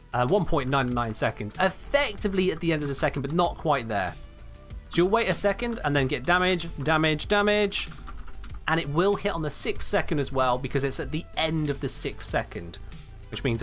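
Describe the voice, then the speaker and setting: A man's voice: a little high, fairly bright tone. A young man explaining game mechanics on a live stream, emphatic and blunt when he answers chat.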